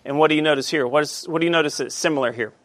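A man teaching a Bible study class, halting with many fillers and asking the class questions. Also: on the high side, fairly bright tone, dry recording.

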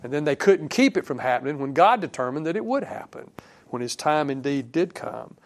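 A male preacher giving a sermon in a conversational way, thinking aloud with fillers and restarts and quoting scripture in a softer voice. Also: fairly high pitch, very animated, a little fast. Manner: quotes scripture in a softer, dropping voice.

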